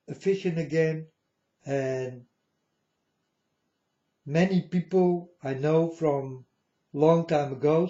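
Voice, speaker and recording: A man with a high but mellow voice lectures slowly, preaching at his viewers and pressing them over and over. The sound is dull and lo-fi, with a roomy echo. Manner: lecturing, repeats "folks" and "you understand". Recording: echoey room, dull lo-fi sound.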